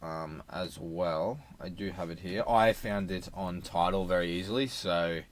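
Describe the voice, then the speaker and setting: A young man co-hosts a podcast album review in casual chat, his low voice moving a little slowly. He talks hesitantly, dropping frequent "um"s and "uh"s between thoughts, with slight background noise.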